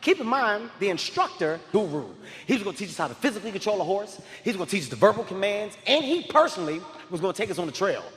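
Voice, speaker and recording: A man doing stand-up comedy, telling stories in a loud, animated way and often shouting. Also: sits high, fast, few pauses. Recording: live hall reverb, faint crowd ambience.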